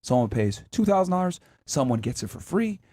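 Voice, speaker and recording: A man hosting a heated panel debate, telling an animated, profane story to make his point. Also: fairly high pitch, brisk, breathy edge. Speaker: podcast host.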